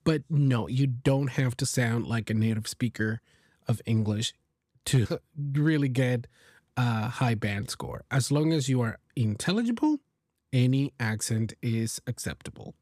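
A man at an ordinary mid pitch talks through exam advice in a podcast lesson. He explains patiently, restarting phrases and laughing lightly now and then. The recording is dry and close, with no room echo. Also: animated, a little slow, darkish tone. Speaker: exam prep teacher.

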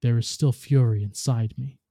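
Osiris is a weary, scarred man who keeps his anger under tight control, as read by a man. The voice is very dark and the sound is dry and close. He speaks quietly and in a measured way. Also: medium pitch, steady tone, dry recording, lightly acted. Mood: somber.

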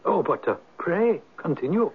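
A police sergeant, wry and coaxing, with a lively rise and fall. He is heard through a narrow, tinny old broadcast. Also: a little high, moderate pace, slightly rough, heavily acted. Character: police sergeant taking a statement. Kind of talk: 1970s radio drama acting.

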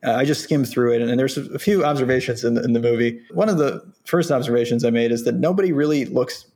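A man's voice: medium pitch, quick pace, a little mellow. Opinionated man explaining on a podcast. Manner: opinionated, explanatory, thinking aloud. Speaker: podcast host. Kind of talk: casual podcast discussion.

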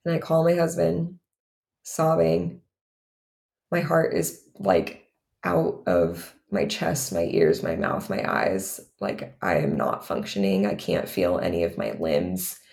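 A woman's voice: a bass voice, animated, slow, gravelly, darkish tone. A woman in her thirties, a podcast co-host, telling a personal story in a candid, run-on way with many filler words.

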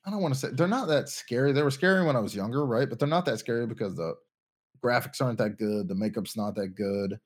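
A man's voice: mid-range voice, fast talker. A young man co-hosting a casual podcast chat, rambling and thinking aloud with lots of restarts. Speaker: podcast co-host.

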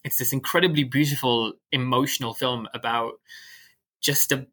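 A young adult man, a guest author in a casual podcast chat, talking quickly and animatedly and laughing often. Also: mid-range voice, fairly even intonation, bright, forceful tone.

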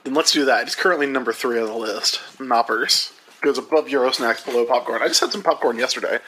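A man co-hosting a casual snack-tasting chat, excitable, sometimes reading from a website. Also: mid-range voice, fast, husky. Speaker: podcast co-host.

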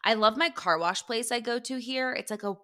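A woman's voice: on the high side, a little fast, pushed and bright. A heavily pregnant woman co-hosting a podcast, talking candidly in casual chat and laughing often. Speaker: podcast co-host.

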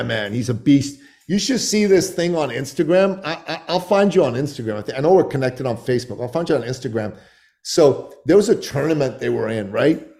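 Man in his forties, podcast guest, mellow warm tone, animated, swears a lot. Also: medium pitch. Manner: profane, animated storytelling. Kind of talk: casual podcast storytelling.

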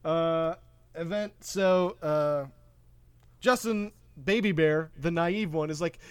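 Podcast host guy, fairly high voice, rambly movie recap, lots of uhs, dry close mic. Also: smooth, no echo. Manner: rambling, filler-heavy recapping with quick asides. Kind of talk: casual movie recap chat.

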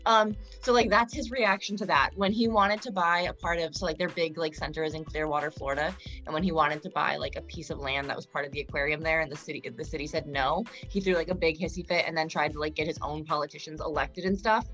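Young woman, lowish voice, casual podcast chat, lots of likes and ums, faint music under. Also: fairly even intonation, fast talker, hardly any pauses, a bit bright. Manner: rambling, many fillers, laughing asides, crude jokes. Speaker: podcast co-host.

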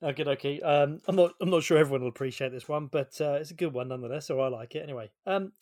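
A man co-hosting a casual podcast chat, cheeky and quick to laugh. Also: a little high, a little mellow. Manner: cheeky, giggly. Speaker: podcast co-host.

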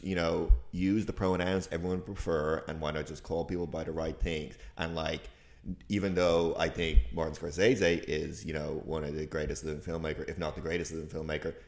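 A man's voice: deep voice, fairly even intonation, brisk. A man co-hosting a casual comedy podcast, musing and hesitant, often restarting his sentences. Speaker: podcast co-host.

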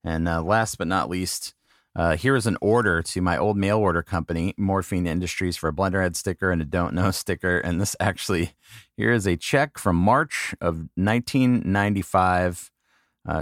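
A middle-aged podcast host with a very low, slightly bright voice gives a casual solo monologue. He's halting and apologetic, makes fun of himself, and reads names out slowly one by one. The sound is close and dry, with no room echo at all.

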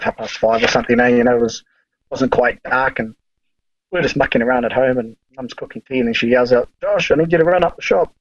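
A man's voice: medium pitch, no echo, dull audio. A man, a podcast guest telling long, rambling stories in casual chat, swearing freely and full of fillers.

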